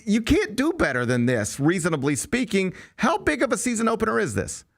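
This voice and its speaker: A man's voice: high-pitched, huge pitch swings, brisk, creaky, fairly bright tone. A man hosting a college sports talk show, interviewing a guest and making his case at length. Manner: conversational, argues points at length. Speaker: sports radio host.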